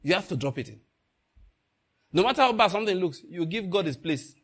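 A middle-aged male preacher giving a sermon, swinging between hushed emphasis and loud bursts, laughing often. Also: high-pitched, animated, brisk.

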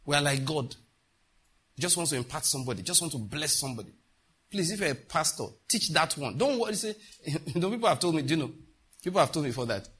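A man's voice: a little high, big pitch swings, quick pace, fairly bright tone, husky. A middle-aged man, preaching a sermon emphatically and asking the congregation rhetorical questions. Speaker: pastor.

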